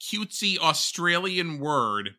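A man's voice: fairly high pitch, very animated, slow pace, sharp tone. A man playfully running a quiz round on a podcast, rambling a little. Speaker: quizmaster. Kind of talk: casual chat.

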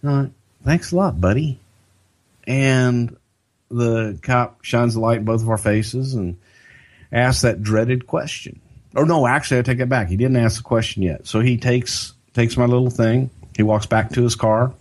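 An older man settles into a podcast story with a storyteller's timing. His voice sits at a middle pitch. He livens up when voicing the people in his tale. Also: normal speed. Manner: animated storyteller, slips into other people's voices for quotes. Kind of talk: casual storytelling chat.

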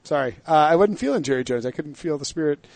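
A man's voice: on the high side, animated, fast talker, vocal fry, a little mellow, no room sound. A man co-hosting a casual sports show, joking around and quizzing the others. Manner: jokey, asks the others questions. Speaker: sports podcast co-host.

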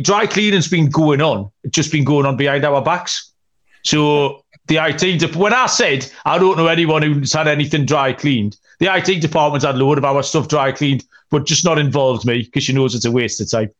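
A man's voice: a little high, moderate pace, fairly bright tone. A young adult man co-hosting a betting podcast, telling rambling jokey stories in casual chat with lots of fillers. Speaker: podcast co-host.

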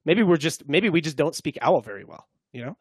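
A man's voice: a little high, sing-song, fairly quick, husky, no room sound, clean studio sound. A young man co-hosting a casual sports chat, reacting to clips with playful laughs. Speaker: co-host.

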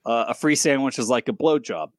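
A male host at mid pitch, joking and swearing freely in casual banter. The sound is dry and close, with no room to it. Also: lively intonation, fairly quick, dry recording. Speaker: podcast host. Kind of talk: casual chat.

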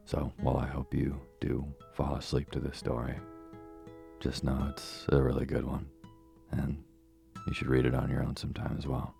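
A young man reading a bedtime story in an extremely deep, flat voice, slow and calm. The voice is close and dry, with faint guitar music behind him. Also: creaky. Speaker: bedtime story host and narrator.

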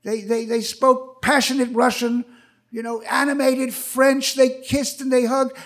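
Older man, live stage storytelling, high-pitched voice, animated, acts out voices. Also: measured pace.

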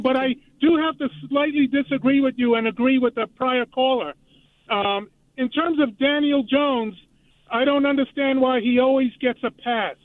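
A man's voice: very high-pitched, no room sound. A man calling a sports radio show from his car, polite and eager to make his point over interruptions. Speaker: caller. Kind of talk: call-in sports opinion. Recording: tinny phone line.

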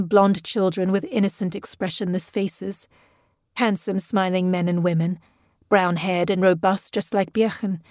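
A woman narrating a gothic story in a measured, even audiobook reading. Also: medium pitch, no room sound, clean studio sound. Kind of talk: scripted narration.

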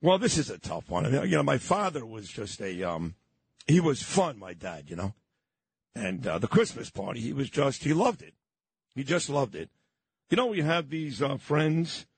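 New radio host in his fifties, husky voice, lively pitch, sentimental rambling storyteller. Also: moderate pace. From Brooklyn, New York. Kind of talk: reminiscing on-air chat.

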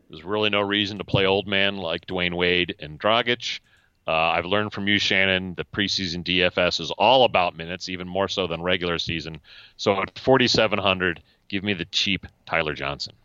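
A man co-hosting a casual sports podcast, joking and bantering quickly. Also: low-pitched, bright, forceful tone, clean tone, no room sound, lo-fi sound. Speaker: podcast co-host.

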